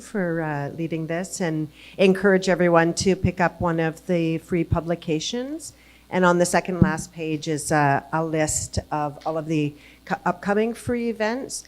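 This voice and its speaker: A woman's voice: fairly low pitch, unhurried. A woman from the gallery jumping in informally to thank the moderator and make announcements.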